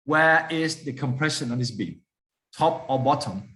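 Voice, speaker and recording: A man's voice: mid-range voice, animated, normal speed, a bit bright. A man lecturing a class, often stopping to put questions to the students and repeating key points for emphasis.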